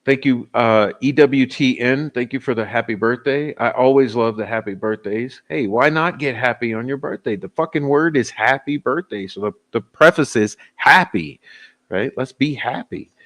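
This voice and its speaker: A man hosts a livestream in a mid-range, slightly bright voice at a moderate pace. A little tipsy and giggly, he jokes casually with his chat, laughs often, and signs off.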